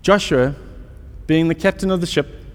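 Pastor guy preaching, kinda high voice, jokey storytelling, long echo from the hall. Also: normal speed. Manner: storytelling, self-mocking, rhetorical questions. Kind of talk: sermon.

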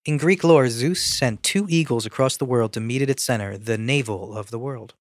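Co-host guy reading off a definition, plain even voice, dry. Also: medium pitch, normal speed, no room sound. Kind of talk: casual chat and reading a definition.

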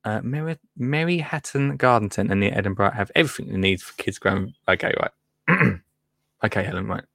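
A man's voice: on the low side, lively intonation, a little fast, vocal fry, a bit bright, no room sound. A man presenting gardening tips on a live stream in a chatty, easily sidetracked way, laughing often. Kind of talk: casual live chat.

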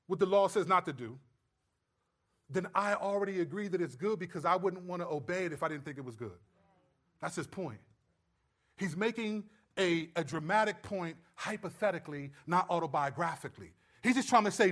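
Pastor, man: high-pitched, chatty preaching, often checking in with the room. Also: fast talker. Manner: conversational, checks in with the audience often. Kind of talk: sermon.

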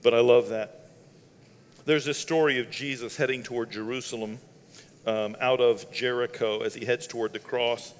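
A man preaching a sermon at a mid pitch, casual and conversational, with chuckles between phrases, then climbing to loud, fervent passages. His voice trails off into a long echo, like sound carried through a large hall. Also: fairly even intonation, moderate pace, smooth. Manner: conversational, laughs between lines, rises to loud shouting passages. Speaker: pastor.

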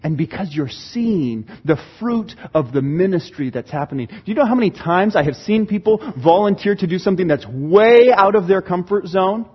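A man preaching a sermon as pastor, animated, acting out church members' voices. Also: sits high, moderate pace, hardly any pauses, husky, lo-fi sound.

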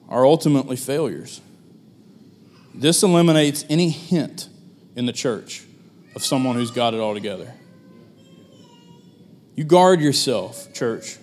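Folksy pastor preaching conversationally. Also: male voice, a little high, darkish tone. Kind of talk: sermon.

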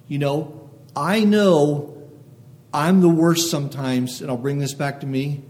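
A man's voice: fairly high pitch, darkish tone, slight background noise. A man preaching a sermon to a congregation in short phrases, reading scripture aloud and checking in with listeners. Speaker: pastor. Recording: long hall reverb.

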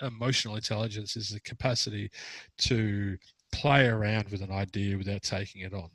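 A man's voice: on the low side, fairly even intonation, fairly quick, fairly bright tone, no room sound, rough recording. A man who works as a therapist, chatting casually and telling a rambling story with frequent restarts. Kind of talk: casual podcast conversation.

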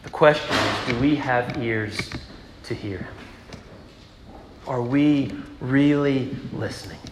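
A man's voice: medium pitch, slow. Earnest preaching man in an echoey hall. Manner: earnest preaching, swings from loud emphasis to hushed, rhetorical questions. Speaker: pastor. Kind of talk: sermon. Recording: echoey hall with background noise.

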